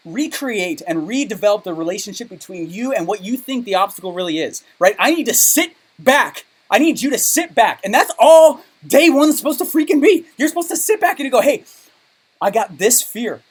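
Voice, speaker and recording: Male business coach, punchy motivational delivery, keeps checking in with "okay?". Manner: high-energy, emphatic, keeps asking "okay?". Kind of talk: motivational training talk.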